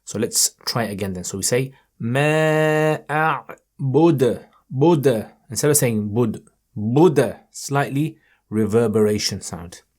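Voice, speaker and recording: A man teaching Quran reading in an online lesson, patiently encouraging and modelling each verse in a slow, melodic recitation tone. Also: lowish voice, darkish tone. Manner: chants verses in a raised melodic tone.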